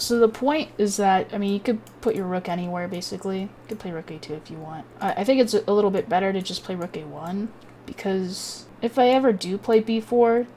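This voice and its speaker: A woman's voice: medium pitch, slight background noise. A woman with a Southern American accent, a chess streamer casually analyzing a game, chatty and swearing freely.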